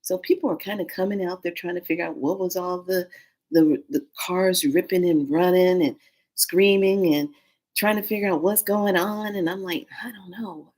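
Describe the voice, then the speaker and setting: Husky-voiced woman telling a story. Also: on the low side, moderate pace. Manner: animated, slangy, acts out quotes. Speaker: vlogger. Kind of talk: casual storytelling.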